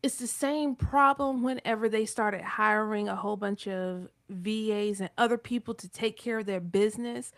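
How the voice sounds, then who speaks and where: A woman's voice: mid-range voice, moderate pace, vocal fry, hardly any pauses, no echo, clean studio sound. A woman with a North Carolina Southern accent talking on a live business show, emphatic and acting out quoted speech in changing voices. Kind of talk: casual chat on a live broadcast.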